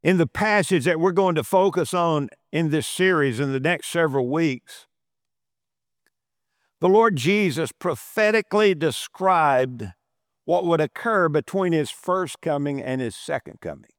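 A man's voice: fairly high pitch, animated, measured pace, dry recording, studio quality. A man preaching a sermon, emphatic and repeating phrases for stress. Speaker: pastor.

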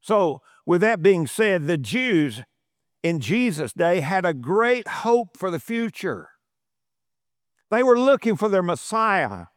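A man's voice: sits high, very animated, takes it slowly, no room sound, studio quality. A man preaching a sermon, emphatic and repeating phrases for stress. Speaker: pastor.

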